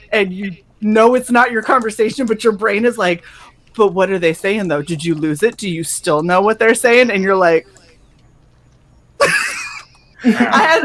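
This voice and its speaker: American woman, stream co-host, higher-pitched, animated, profane storyteller. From United States. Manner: profane, animated storyteller who mimics voices and laughs often. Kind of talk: casual chat on a live stream.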